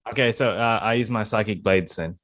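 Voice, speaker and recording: Low-voiced male player, dry sound. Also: fairly quick, fairly bright tone, no echo. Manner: hesitant, thinks aloud. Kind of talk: casual tabletop game play.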